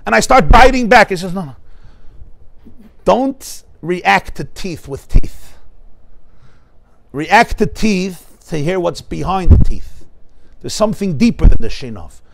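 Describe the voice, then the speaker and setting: A man's voice: high voice, measured pace, gravelly. A man, a rabbi, giving a class in a study hall, telling stories with acted-out dialogue and explaining Hebrew terms through rhetorical questions. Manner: animated storytelling, acts out dialogue. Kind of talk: Torah class lecture.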